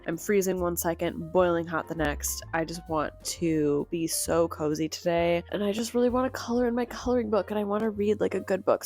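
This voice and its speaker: A woman's voice: on the low side, darkish tone. A young woman vlogging about books at home, chatting casually and informally with her viewers. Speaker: book vlogger. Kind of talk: casual vlog chat.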